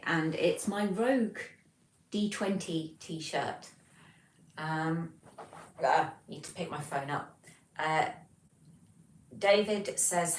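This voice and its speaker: Low-voiced British woman chatting to her livestream. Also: a little hiss or hum. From Britain. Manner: chatty, reads chat messages aloud, frequent ums. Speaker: livestream host. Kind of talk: casual livestream chat. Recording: roomy echo, distant mic.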